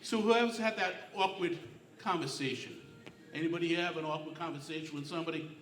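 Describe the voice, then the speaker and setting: A middle-aged man doing a stand-up comedy set on a club stage, telling deadpan, self-mocking stories. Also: fairly high pitch, brisk, roomy sound, far from the mic, a little hiss or hum. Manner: deadpan storytelling, self-mocking one-liners.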